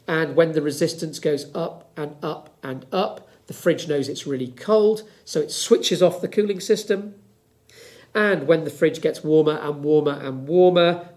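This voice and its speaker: A middle-aged man with a slightly high voice gives a physics lesson at home. He talks in a chatty way and walks through each idea step by step as he shows it. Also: a little mellow. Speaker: physics teacher.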